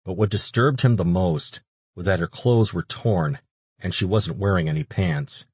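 A man reading an audiobook in steady, even scripted narration, recorded close on a studio mic. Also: low-pitched, normal speed, slightly rough, dry recording.

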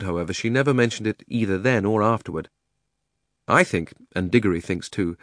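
A man reads a storybook aloud in a measured, expressive way. His voice sits somewhat low, and the recording is dry with no room sound. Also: dry recording. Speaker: narrator. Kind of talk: storybook narration.

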